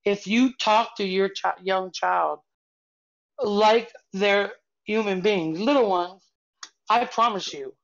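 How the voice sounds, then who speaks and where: A woman's voice: medium pitch, slow, lo-fi sound. An older woman and podcast co-host, chatty and meandering as she tells a story in casual conversation. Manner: chatty, meandering, with frequent restarts.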